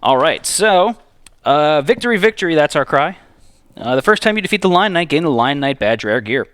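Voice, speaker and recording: A man hosting a streamed board game, his pitch leaping around as he talks. He reads rules and counts dice aloud in a chatty, easygoing way, recorded dry and close to the mic. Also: sing-song, moderate pace, fairly bright tone, clear, resonant tone, dry recording. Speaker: game host. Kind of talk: casual board game play over a stream.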